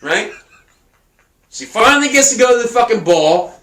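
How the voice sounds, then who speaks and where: A man's voice: extremely high pitch, expressive, moderate pace, a bit bright. A man hosting a podcast, rambling and cursing through a laughing, drunken casual chat. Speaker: podcast host. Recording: echoey room with faint noise.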